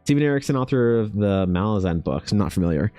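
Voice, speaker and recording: A man who streams and runs tabletop games, chatting casually with his viewers in a rambling, animated and profane way. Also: fairly low pitch, quick pace, dry recording, soft background music. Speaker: streamer and dungeon master. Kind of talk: casual livestream chat.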